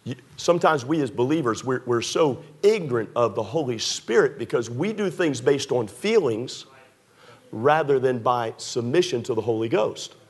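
A man preaching a sermon to a congregation, animated, his voice climbing high when he acts out pleading prayers. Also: normal speed, slightly rough. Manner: drops soft and low acting out a scared prayer. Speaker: pastor. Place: church sanctuary with a congregation.

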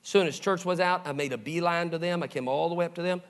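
A middle-aged male pastor preaching a sermon, telling stories and acting out the voices of the people in them, dropping soft and low for the tender moments. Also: fast talker. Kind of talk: sermon storytelling.

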